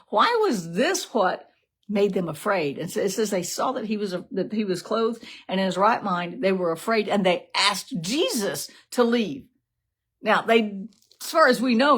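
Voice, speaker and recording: Woman with a husky voice. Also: mid-range voice. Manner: animated, conversational, laughs often, many rhetorical "right?". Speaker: devotional teacher. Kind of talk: casual devotional teaching.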